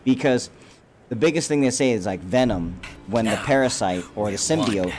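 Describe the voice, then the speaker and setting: A man's voice: mid-range voice, animated, moderate pace, noisy background. A man giving a casual, profane, rambling reaction to a movie trailer, full of fillers and restarts. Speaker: YouTube commentator.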